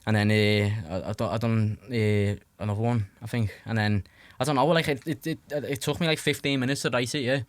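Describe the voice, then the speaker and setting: A man's voice: mid-range voice, a little fast, few pauses, dry recording. A young man with a Liverpool Scouse accent, casually telling stories as a podcast guest, rambling with lots of filler and swearing. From Liverpool, England. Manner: rambling, heavy fillers and restarts, swears freely. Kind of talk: casual storytelling.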